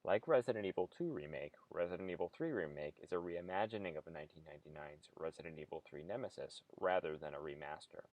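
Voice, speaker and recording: Low-voiced male essayist, measured analytical read, dry close sound. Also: expressive, a little mellow, no room sound. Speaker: video essayist. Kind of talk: scripted narration.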